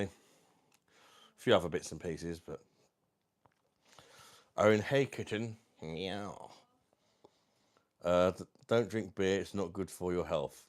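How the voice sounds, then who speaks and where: London bloke chatting on his livestream, slightly low voice, reads comments out, calls everyone mate. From South East London. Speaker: livestream host. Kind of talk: casual livestream chat, reading out comments.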